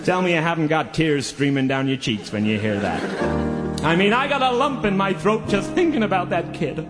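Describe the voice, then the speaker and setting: A man delivering a satirical, deadpan comic monologue as a cynical songwriter giving advice. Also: a little high, normal speed, loud music behind the voice, lightly acted.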